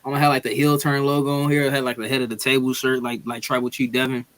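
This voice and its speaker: A man's voice: medium pitch, little pitch movement, fast talker, fairly bright tone. A man co-hosting a wrestling podcast, joking and self-deprecating in casual banter. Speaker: podcast co-host.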